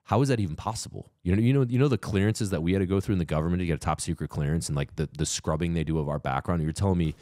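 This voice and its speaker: Deep dude on a podcast, heated and cussing, dry close mic. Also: male voice, very fast, few pauses, no echo. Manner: heated, profane, rising to loud mock rants. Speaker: podcast co-host. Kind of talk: casual political chat.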